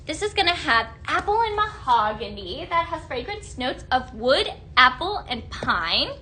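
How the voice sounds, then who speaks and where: A woman hosting a live shopping stream, gushing in an upbeat sales pitch to viewers she calls her friends. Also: very animated, unhurried, pushed and bright, a little hiss or hum.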